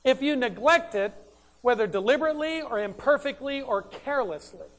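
A man's voice: extremely high pitch, expressive, brisk. A man preaching a sermon, emphatic and conversational, who asks questions and answers them himself.

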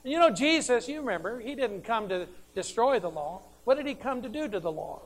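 A man's voice: very high-pitched, animated, brisk. Emphatic male preacher posing rhetorical questions. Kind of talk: sermon.

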